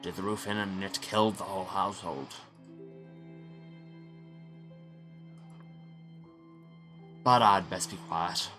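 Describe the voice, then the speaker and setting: A man's voice: deep voice, fairly even intonation, a little fast, pushed and bright, faint music behind. A man voicing a gloomy young Scottish doctor in a shaky put-on Scottish accent that slides toward Irish, with a dry, rueful manner. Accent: put-on Scottish drifting toward Irish.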